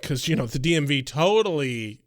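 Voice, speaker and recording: A man's voice: a little high, animated, normal speed, no room sound, clean studio sound. Exasperated, swearing man on a podcast. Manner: profane, exasperated critic. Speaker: podcast co-host. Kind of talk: casual podcast review chat.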